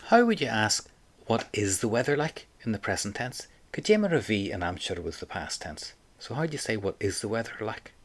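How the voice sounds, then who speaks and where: A man's voice: fairly low pitch, big pitch swings, fairly quick. A man teaching an audio language lesson, patiently prompting the listener and repeating phrases for them to say back.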